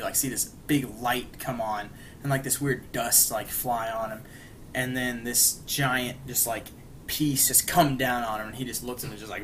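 A man's voice: mid-range voice, fairly bright tone, slight background noise, rough recording. A man co-hosting a podcast, casually recapping an episode in a rambling way with lots of "like" and "you know" fillers. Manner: briefly acts out characters' lines while retelling. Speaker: podcast co-host.

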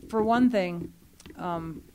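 A woman's voice: on the low side, slow, darkish tone, slight background noise. Earnest woman explaining at a meeting. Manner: earnest, explanatory, many fillers. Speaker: library program staff speaking to a user group. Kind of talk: meeting discussion.

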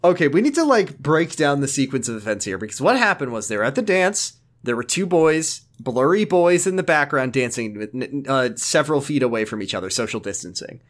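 A man's voice: mid-range voice, big pitch swings, brisk, hardly any pauses. A man co-hosting a podcast, recapping a TV episode in a casual, joking, profane way. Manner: joking, profane, acts out characters' lines. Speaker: podcast co-host.

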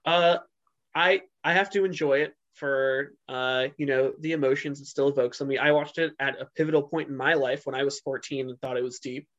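A podcast co-host with a medium-pitched, fairly bright voice talks a bit fast with fairly even intonation. In this casual chat he rambles, full of fillers and restarts, and the recording sounds dull and lo-fi.

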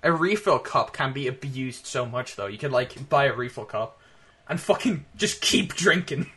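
A man's voice: medium pitch, lively intonation, normal speed, sharp tone, husky. A young man chatting casually on an online voice call through a cheap microphone, rambling with restarts. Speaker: friend in chat. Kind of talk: casual group chat.

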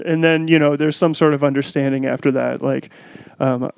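A man's voice: medium pitch, steady tone, normal speed, vocal fry, smooth, dry recording. A man in casual chat who laughs often and acts out quotes from his bar job. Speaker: bartender, podcast guest.

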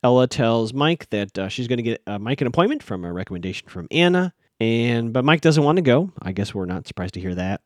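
A man's voice: mid-range voice, sing-song, fairly quick, few pauses, no echo, studio quality. A man hosting a podcast, casually recapping a TV episode, thinking aloud with plenty of fillers and restarts.

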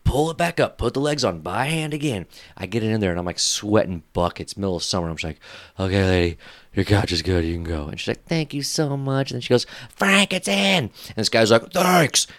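A man co-hosting a podcast, telling stories in a crude, animated, joking way. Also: on the low side, fast talker. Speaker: podcast co-host. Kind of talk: casual podcast chat.

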